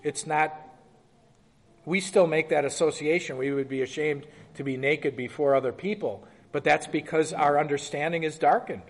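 A man's voice: on the high side, moderate pace, in a large hall. A man leading a Bible study, reading scripture aloud and asking the group questions in a conversational way. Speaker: Bible teacher. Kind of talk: interactive Bible study teaching.

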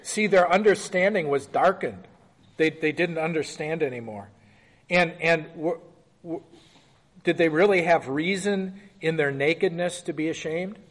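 Speaking a little slowly in a high-side voice, a Bible teacher leads an interactive study, reading scripture aloud and conversationally posing questions to the group. The sound is that of a big room.

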